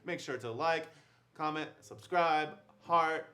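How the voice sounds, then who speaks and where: A man's voice: a little high, slow, pushed and bright. Upbeat man hosting a game livestream. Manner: chatty and upbeat, with fillers and laughs. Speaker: livestream host. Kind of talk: casual livestream unboxing chat.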